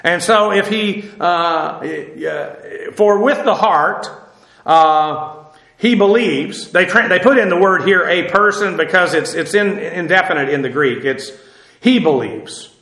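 A man teaching a verse-by-verse Bible study, parsing Greek grammar with frequent pauses and "uh" as he explains. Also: sits high, pushed and bright, roomy sound. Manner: explanatory, stops often with "uh" to parse grammar.

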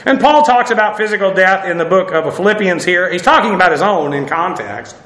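A man's voice: sits high, expressive, fairly quick, fairly bright tone, echoey room. A man preaching a casual sermon, chatty, with wry asides and many fillers.

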